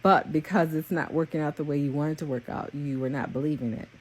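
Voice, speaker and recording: A calm, patient divine father speaks plainly and with a little teasing, as a woman puts him on in her own low, husky voice. He sounds matter-of-fact. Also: quick pace.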